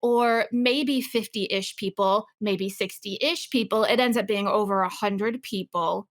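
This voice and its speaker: A woman's voice: mid-range voice, unhurried. A woman from Texas in her thirties, co-hosting a podcast in casual, emphatic chat. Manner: animated, emphatic, jumps between points. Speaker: podcast co-host.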